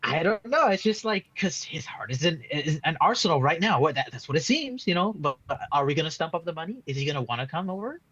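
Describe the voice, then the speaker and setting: A man's voice: fairly high pitch, big pitch swings, fast, few pauses, a bit bright, breathy edge, no room sound, lo-fi sound. A man giving a casual post-match fan reaction, rambling and frustrated, full of restarts and "like" fillers. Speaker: football fan being interviewed.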